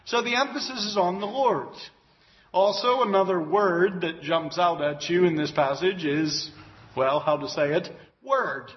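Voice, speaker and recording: Brief: earnest male preacher, fairly high voice, teaching Scripture with emphasis; lo-fi, muffled tape. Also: a little slow. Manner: earnest and emphatic, with exclamations of praise. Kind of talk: expository Bible teaching. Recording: dull lo-fi recording.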